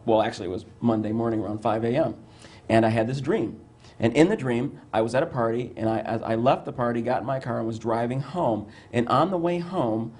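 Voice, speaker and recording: A middle-aged man, a psychiatrist, telling a personal story in an interview, animated and stumbling over restarts, acting out the lines he quotes. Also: medium pitch. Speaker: psychiatrist guest.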